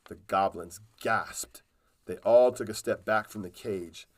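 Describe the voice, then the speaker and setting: A man reading a children's storybook aloud in a calm, unhurried way. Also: fairly low pitch.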